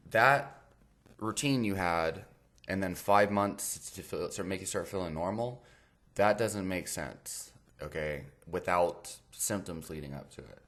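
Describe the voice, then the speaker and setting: A man's voice: low voice, fairly bright tone. A man hosting a fitness channel, blunt and exasperated, swearing freely as he reads and comments on a viewer's message. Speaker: fitness and nutrition channel host.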